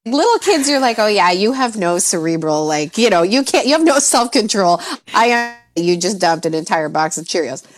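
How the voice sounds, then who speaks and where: A woman, a mindset coach, talking casually on a podcast, laughing often and jumping into high exaggerated voices when she quotes herself, then going soft and low when she talks about calming down. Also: moderate pace, hardly any pauses. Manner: laughs often mid-sentence. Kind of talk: conversational podcast advice.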